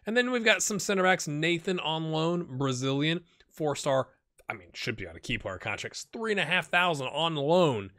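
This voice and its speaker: A man's voice: a little high, lively intonation, moderate pace, fairly bright tone. A man with a cold giving casual let's play commentary on a football management game, chatting and thinking aloud with wry asides. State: has a cold.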